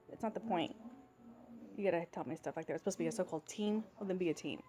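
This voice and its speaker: A woman's voice: fairly low pitch, racing, dark tone. A woman in her thirties telling a workplace story in a casual vlog, exasperated and ranting, acting out what others said. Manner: exasperated, ranting, acts out quoted dialogue. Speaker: vlogger.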